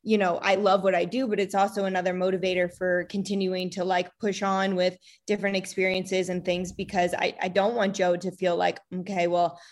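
A woman's voice: lowish voice, level tone, fairly quick, hardly any pauses. A woman in her thirties talking casually as an interview guest, chatty with many fillers and acting out quoted lines. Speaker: guest, wife of a retired fighter.

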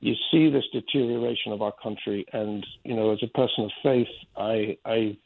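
A man's voice: on the low side, fairly even intonation, moderate pace, vocal fry, no echo. A middle-aged man from Spain, an artist giving a long, rambling interview answer, often restarting and repeating his words. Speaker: artist guest. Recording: tinny phone-line sound.

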